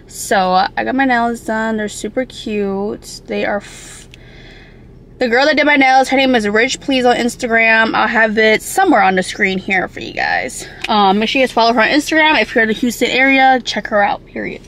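Chatty, high-voiced woman vlogger. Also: expressive, moderate pace, a bit bright, slight background noise, rough recording. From Milwaukee, Wisconsin. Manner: chatty and upbeat, swears freely, rambles with fillers. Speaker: vlogger and makeup artist. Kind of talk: casual vlog chat.

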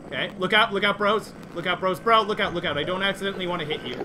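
A man streaming a game live, nervously and excitedly talking to his chat as he plays. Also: sits high, rapid-fire, noisy background. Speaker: gaming livestreamer. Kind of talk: live gameplay commentary.

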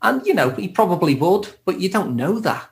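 A man's voice: high voice, big pitch swings, fairly quick, gravelly. A man with a Liverpool accent, a therapist guesting on a podcast, reflective and laughing lightly as he talks. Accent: Liverpool (Scouse). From Liverpool, England. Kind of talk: casual podcast conversation.

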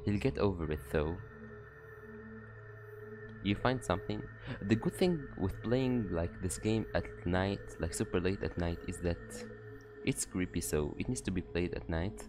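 Brief: very deep, drowsy male let's player, profane and jokey, game music under him. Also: unhurried. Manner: swearing, joking, reading dialogue aloud. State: sleepy. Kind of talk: horror game commentary with read-out dialogue.

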